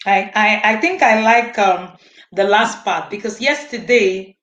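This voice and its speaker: A woman's voice: mid-range voice, a little slow, fairly bright tone, muffled recording. A woman with a mid-range voice moderates a panel discussion, reflective and encouraging, picking up on what others said. Her voice carries a noticeable room echo. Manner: reflective, affirming, with many hums of agreement. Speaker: host and moderator.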